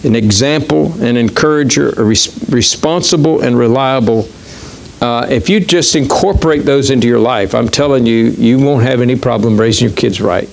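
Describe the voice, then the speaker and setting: Gravelly-voiced male pastor preaching. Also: mid-range voice. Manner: conversational, halting with many fillers and restarts. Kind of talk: sermon. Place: church.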